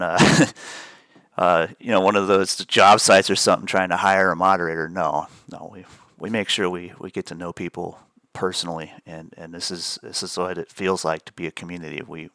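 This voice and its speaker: Low gravelly man hosting a trading stream. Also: steady tone, brisk, sharp tone, no echo. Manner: rambling, repeats words, laughs easily. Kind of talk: casual live-stream chat.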